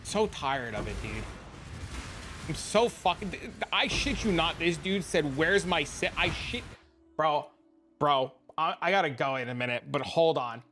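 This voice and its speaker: Guy streamer ranting at chat, swears a lot, bit higher voice, some music behind. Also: expressive, unhurried, a bit bright. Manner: profane, blunt and heated. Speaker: game streamer. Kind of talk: casual live stream rant.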